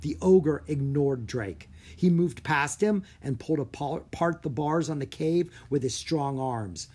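A narrator reading a children's audiobook with expressive storytelling. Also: mid-range voice, unhurried, husky.

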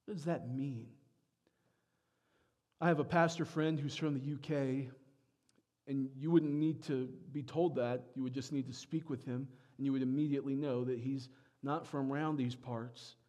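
A pastor preaching a sermon, moving from quiet reflection to loud, emphatic peaks. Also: male voice, mid-range voice, fairly even intonation, moderate pace.

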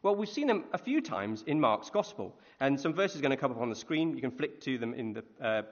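A man preaching a conversational sermon, animated, often asking his listeners questions. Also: mid-range voice, fairly quick. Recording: echoey hall, dull lo-fi sound.

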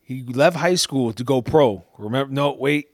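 A man's voice: mid-range voice, normal speed, no room sound. A man co-hosting a casual talk show, rambling in profane slang. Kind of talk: casual chat.

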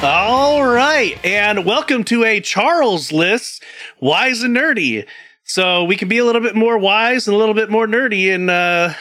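Male co-host, high voice, bright, unhurried and lively, laughs a lot. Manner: laughs often, hesitant fillers. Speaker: podcast co-host. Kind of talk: casual chat.

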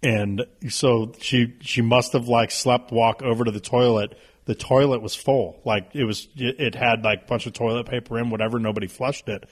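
A man in his thirties, a podcast guest telling stories in a casual, animated way, swearing freely. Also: medium pitch, normal speed, few pauses, husky. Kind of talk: casual storytelling.

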